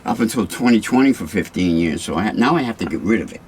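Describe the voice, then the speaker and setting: A man's voice: lowish voice, fast talker, a little hiss or hum. A man with a Boston accent, a guest collector chatting casually and jokily. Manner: chatty, jokey, lively. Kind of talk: casual chat.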